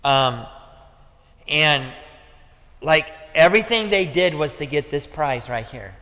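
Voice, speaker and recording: A male pastor with a Midwestern American accent preaching a sermon in a church, talking conversationally, repeating "okay" and "listen", and climbing to near-shouting when fired up. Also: fairly high pitch, lively intonation, slow pace. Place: church sanctuary. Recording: reverberant church hall.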